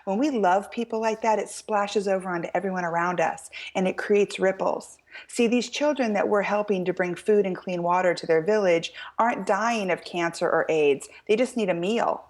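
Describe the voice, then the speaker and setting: An American woman, middle-aged, telling a story as an author guest in an interview, lively and quoting people in animated voices. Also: mid-range voice, normal speed, hardly any pauses. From United States. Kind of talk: storytelling in a talk-show interview.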